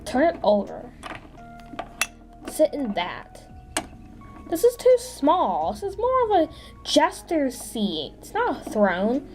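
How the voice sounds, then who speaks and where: A woman's voice: sits high, huge pitch swings, slow pace, pauses often, darkish tone, soft background music, exaggerated voice. A woman voicing a cruel, haughty vampire queen mother in a toy figure drama, scornful and commanding.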